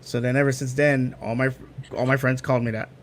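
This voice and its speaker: A young man chatting as a guest, animated and fond of acting out what people said. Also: medium pitch, fairly quick, slight background noise. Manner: animated storyteller, acts out quotes. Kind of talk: casual chat.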